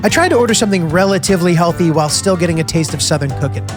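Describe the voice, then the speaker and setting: A man's voice: high voice, expressive, racing, over music. A young man from the United States narrating his road trip in a casual, self-deprecating way, full of "like" and asides. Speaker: travel vlog narrator. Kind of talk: scripted travel narration.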